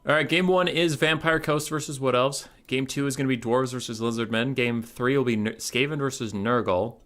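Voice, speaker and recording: Young guy casting strategy games, bright crisp voice, rambly and swears a lot. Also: mid-range voice, brisk. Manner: rambling, joking, swears freely. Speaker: tournament caster. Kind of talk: casual game commentary.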